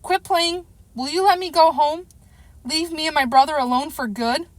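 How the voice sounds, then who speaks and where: Storybook figure: a tough, selfish girl, put on by a woman narrator, defiant and sassy, pitched well up. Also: moderate pace, no echo, close to an everyday voice. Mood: pleading.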